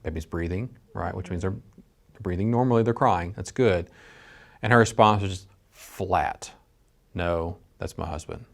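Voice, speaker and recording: A middle-aged man teaches dispatchers in a low, gravelly voice. He talks earnestly and conversationally, with frequent restarts. His delivery stays plain and unpolished. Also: normal speed. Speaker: dispatch instructor. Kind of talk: training lecture with personal story.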